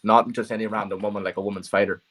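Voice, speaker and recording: A man's voice: fairly low pitch, flat delivery, rapid-fire, crowd noise. A young man with a Donegal Irish accent, chatting casually on a podcast in a blunt, sweary, joking way. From Donegal, Ireland. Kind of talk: casual chat.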